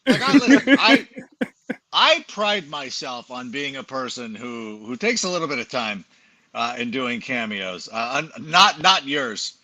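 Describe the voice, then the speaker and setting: A man's voice: mid-range voice, sing-song, unhurried, sharp tone. A middle-aged man chatting as a podcast guest, telling rambling self-deprecating stories full of fillers. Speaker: podcast guest, fantasy football analyst. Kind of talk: casual chat.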